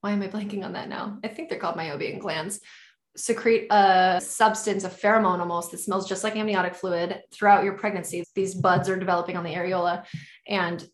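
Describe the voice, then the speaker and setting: A woman's voice: on the low side, steady tone, brisk. A woman talking in a casual podcast conversation as a birth educator, enthusiastic and effusive. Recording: echoey room.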